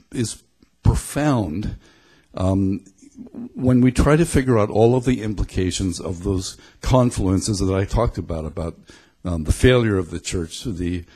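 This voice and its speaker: A man's voice: on the low side, a little slow, a little mellow, slightly rough. A middle-aged man from Belfast giving a conversational sermon, reflective and thinking aloud as he goes. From Belfast, Northern Ireland. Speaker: preacher.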